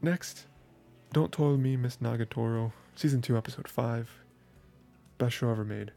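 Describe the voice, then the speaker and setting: A man's voice: mid-range voice, normal speed, gravelly, mellow, soft background music. A man hosting an anime review show, rambling through a casual recap with lots of fillers and laughs. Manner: rambling, filler-heavy, laughs while recounting.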